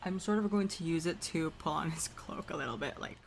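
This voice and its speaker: Woman player, low voice, calm and matter-of-fact, faint hiss behind her. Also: brisk. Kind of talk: tabletop role-play.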